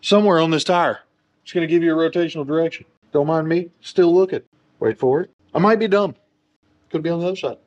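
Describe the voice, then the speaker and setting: A man's voice: fairly high pitch, fast, dull audio. Joking man doing a bike repair tutorial. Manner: joking, self-deprecating asides while working. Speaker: motorcycle technician. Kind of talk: casual how-to tutorial. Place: motorcycle workshop.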